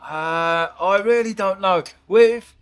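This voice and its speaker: A man's voice: high-pitched, slow, smooth. An English man with a Norwich accent chatting in a casual interview, rambling and laughing with many restarts. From England. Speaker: vlogger, interview guest. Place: outdoors at a lakeside park.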